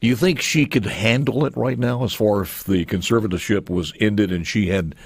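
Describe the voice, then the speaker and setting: A man's voice: on the low side, normal speed, husky, no echo. A man hosting a radio talk show, asking short conversational questions. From United States. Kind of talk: radio interview.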